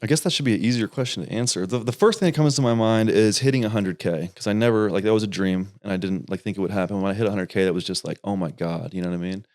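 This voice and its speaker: Young male guest, low voice, rambling animated storyteller, casual and profane. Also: rapid-fire, hardly any pauses. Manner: rambling, animated, swears freely. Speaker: podcast guest, YouTuber.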